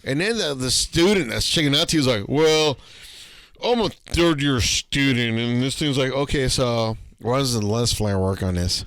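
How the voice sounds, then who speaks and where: A man's voice: medium pitch, expressive, a little fast, few pauses, a bit bright, dry recording. A young man co-hosting a podcast in casual chat, blunt and profane, acting out little scenes as he tells stories. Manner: blunt, swears freely, acts out little scenes. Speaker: podcast co-host.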